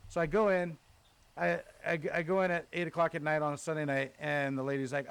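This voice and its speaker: A man's voice: fairly high pitch, brisk, smooth. A man on a podcast telling a long story in casual chat, swearing freely and acting out both sides of the conversation. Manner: animated, profane, retells with quoted dialogue. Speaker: podcast host.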